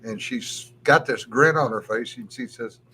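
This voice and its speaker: A man's voice: medium pitch, a little slow, vocal fry, very noisy. A man telling a story in casual chat as a podcast co-host, easygoing and chuckling often.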